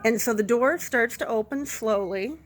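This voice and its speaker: A woman nurse casually telling a funny work story to camera, animated and self-deprecating. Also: fairly high pitch, moderate pace, a little hiss or hum. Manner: animated anecdote, self-deprecating, laughs through it.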